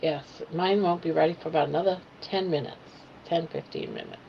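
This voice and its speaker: An older woman with a low, brisk voice and vocal fry hosts a casual livestream from home, talking with viewers and cooing at her pet in between. The audio is dull and lo-fi, with a faint hiss.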